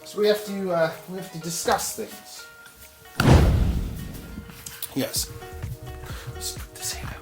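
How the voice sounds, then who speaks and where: A woman's voice: fairly low pitch, slow pace, pauses often, music in the background, rough recording. A woman talking casually to camera in a playful, chatty way, sweet-talking her animals while vlogging in a snake room at home. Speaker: reptile keeper vlogger. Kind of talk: casual vlog talk to camera.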